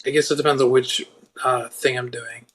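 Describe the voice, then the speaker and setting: Husky man thinking aloud in a game. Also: medium pitch, steady tone, moderate pace, a bit bright. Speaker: player. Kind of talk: tabletop game play.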